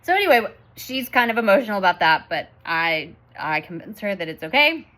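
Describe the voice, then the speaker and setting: A woman's voice: medium pitch, sing-song, a little fast, fairly bright tone. A woman in her thirties telling a family story in a chatty vlog, laughing often as she talks. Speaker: vlogger and mother.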